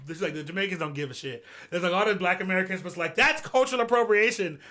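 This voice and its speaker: Bright-voiced animated man storyteller. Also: high-pitched. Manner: animated, quick storytelling with expressive quoted asides. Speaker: podcast co-host. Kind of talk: casual chat.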